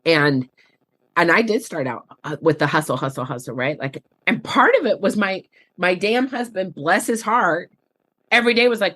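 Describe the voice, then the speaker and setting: A woman's voice: fairly low pitch, expressive, normal speed, fairly bright tone, slight background noise. Blunt, salty woman coach chatting candidly. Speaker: life coach and podcast guest. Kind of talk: casual interview chat.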